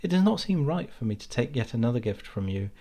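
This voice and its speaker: A man's voice: mid-range voice, big pitch swings, fast talker, warm tone. A man voicing an earnest young fisherman who grows frightened and pleads. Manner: pleading, rising with alarm.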